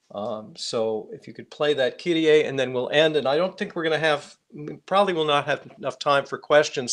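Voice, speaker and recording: Male class instructor, ordinary pitch, halting and searching, wraps up a music lesson. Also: fairly bright tone. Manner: hesitant, gropes for words, many restarts. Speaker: music teacher. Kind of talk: live online class.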